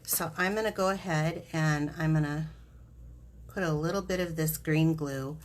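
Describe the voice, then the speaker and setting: A woman with a deep, low voice talks through a craft project live, chatty and giggly as she explains each step. Faint background noise sits under her voice in a home craft room. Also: moderate pace. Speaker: craft demonstrator host. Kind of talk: live stamping demonstration.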